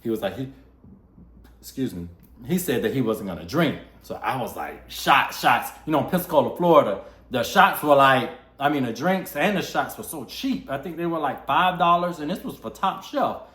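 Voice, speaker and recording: A man's voice: mid-range voice, expressive, moderate pace, a bit bright. A young man vlogging a candid personal story, heartfelt and acting out the dialogue he quotes. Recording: roomy echo.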